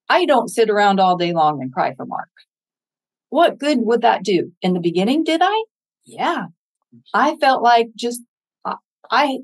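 Earnest older woman, slightly high voice. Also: low-quality recording. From United States. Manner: earnest, encouraging, acts out inner dialogues. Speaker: guest, public speaker. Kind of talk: interview talk.

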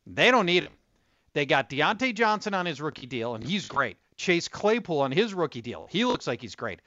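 A male fantasy football analyst calling in by phone, brisk and full of stats with quick restarts. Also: fairly high pitch, big pitch swings, bright, forceful tone, no room sound. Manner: brisk, stat-heavy, hedging restarts. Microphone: phone line. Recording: muffled phone line.

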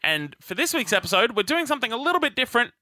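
A bright, high-pitched man hosting a podcast with lots of swing in his voice. He banters quickly and jokes with his co-hosts in a relaxed, casual chat. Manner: jokey, quick banter with laughs. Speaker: podcast host.

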